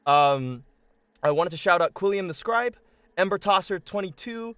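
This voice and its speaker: A man's voice: high-pitched, animated, moderate pace, a bit bright, clear, resonant tone, dry recording. A man running a tabletop game on a stream, narrating casually with many fillers.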